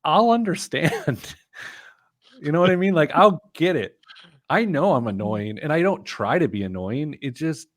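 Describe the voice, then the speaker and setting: A middle-aged man co-hosting a money podcast, his pitch leaping up and down as he talks. He jokes at his own expense and keeps laughing between his stories. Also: very animated, moderate pace, dry recording. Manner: jokey, self-mocking, bursts into laughter. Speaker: podcast co-host. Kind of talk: casual chat and read-out segment.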